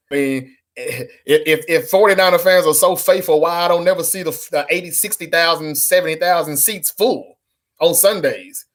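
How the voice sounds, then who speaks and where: This sports fan channel host delivers a casual, frustrated rant to camera, blunt and sweary, going over the same points again. His voice sits on the high side and sounds a bit bright.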